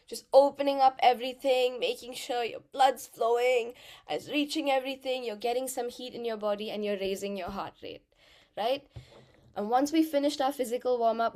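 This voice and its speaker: A woman, an actor and singer, giving a lively, encouraging voice workshop talk to an audience in a room. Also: on the high side. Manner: animated, encouraging, demonstrates vocal changes.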